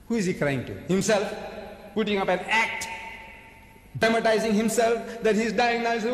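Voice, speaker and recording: A man's voice: high-pitched, normal speed. A man giving an emphatic religious lecture to an audience, asking rhetorical questions and answering them himself. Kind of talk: sermon-style religious lecture. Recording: echoey hall recording.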